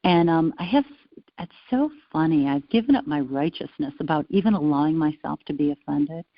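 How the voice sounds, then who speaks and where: A woman talking as an interview guest, telling stories with an animated, playful manner, on a dull lo-fi recording. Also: low-pitched, fairly quick, no echo. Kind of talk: casual interview conversation. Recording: dull lo-fi sound.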